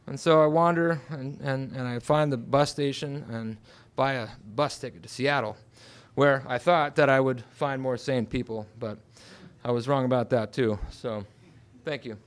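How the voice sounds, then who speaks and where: A man telling a personal story at a live storytelling night in a restaurant, swinging dramatically between hushed and loud. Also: medium pitch, fairly even intonation, moderate pace.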